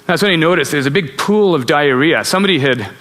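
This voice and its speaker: A middle-aged man giving a conference talk, telling travel stories in an animated way and chuckling at his own tales, heard on a stage microphone in a large auditorium. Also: a little high, fast talker, faint music behind. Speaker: conference speaker. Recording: auditorium reverb.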